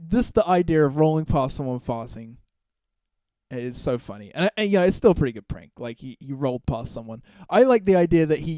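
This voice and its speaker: A man's voice: on the high side, warm tone, clear, resonant tone, dry recording, studio quality. Rambling, profane solo podcast guy. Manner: rambling, profane, with frequent restarts; laughs through his stories. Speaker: podcast host. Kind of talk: casual solo podcast monologue.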